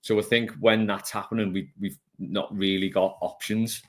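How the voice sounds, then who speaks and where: A man's voice: on the low side, steady tone, moderate pace. A man hosting a casual football podcast, reading out listener questions in a chatty, easygoing way.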